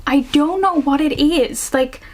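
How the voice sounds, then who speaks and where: A woman's voice: high voice, unhurried, a little hiss or hum. A woman reviewing books casually, reading excerpts aloud, gushing and self-mocking and often laughing. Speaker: book reviewer.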